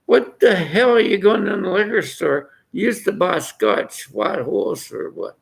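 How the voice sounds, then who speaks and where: A man's voice: high voice, sing-song, unhurried, creaky. An older man with an Irish accent, rambling through an abrasive, jokey rant to his followers. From Ireland. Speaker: vlogger.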